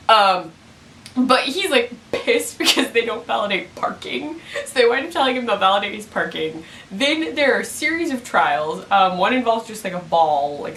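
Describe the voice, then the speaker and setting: A chatty young woman recaps a TV episode in a loose, giggly way, full of "like" fillers. Her voice is bright and sharp. She sits a little back from the mic in an echoey room. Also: mid-range voice, distant mic, a little hiss or hum. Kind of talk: casual recap chat.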